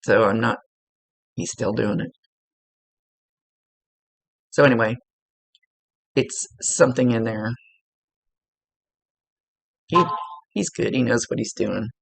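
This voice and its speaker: Gravelly, husky woman giving a psychic reading. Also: extremely low pitch, slow pace, long pauses, no echo. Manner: chatty and blunt, laughs often, swears casually. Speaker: psychic medium. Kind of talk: casual spoken reading for a client. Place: indoors at a table.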